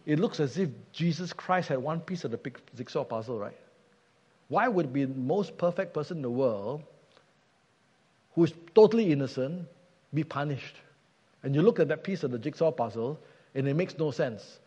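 A man's voice: a little high, lively intonation, normal speed, mellow, breathy edge. Male preacher, emphatic sermon delivery, muffled sound with hall reverb. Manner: earnest, emphatic, rhetorical questions.

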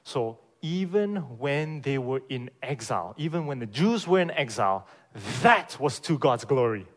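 Here the pastor sounds very animated, his mid-range voice at a moderate pace as he preaches to the congregation. Rhetorical questions and frequent "right?" check-ins fill the emphatic sermon, with volume rising on key points and dropping for quieter phrases.

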